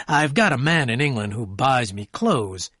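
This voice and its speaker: A man voicing a charming, wealthy young gentleman who speaks with eager courtesy, in an audiobook reading. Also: mid-range voice, expressive, normal speed, no room sound, clean studio sound.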